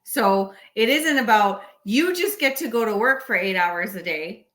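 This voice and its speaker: A woman's voice: medium pitch, animated, a little slow, a bit bright. Podcast host, woman in her forties, opinionated and emphatic, recorded in an echoey room. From Canada. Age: 40s. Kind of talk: casual podcast conversation.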